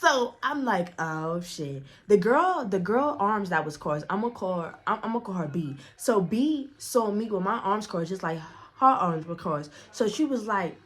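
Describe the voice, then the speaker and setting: A young woman telling a storytime tale in a fast, profane, animated way. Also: mid-range voice. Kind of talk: casual storytime vlog.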